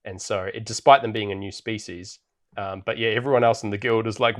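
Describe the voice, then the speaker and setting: On this podcast, a co-host with a lowish, steady voice talks fairly quickly. He runs through a film recap in casual conversation, with plenty of ums and brief chuckles.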